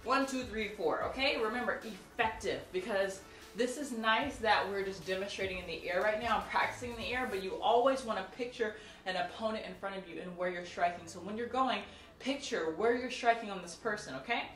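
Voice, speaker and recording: A woman's voice: mid-range voice, a little fast, a bit bright. A woman teaching a martial arts routine on video, counting moves and chatting with viewers between drills. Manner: counts out moves and cues students; chatty, laughs and jokes with viewers. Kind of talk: instructional tutorial. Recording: echoey room, mic at a distance, faint music.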